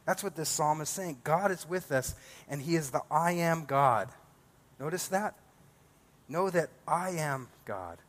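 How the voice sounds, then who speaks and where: A man's voice: fairly high pitch, a bit bright. A male pastor preaching a sermon, building emphatic repeated declarations.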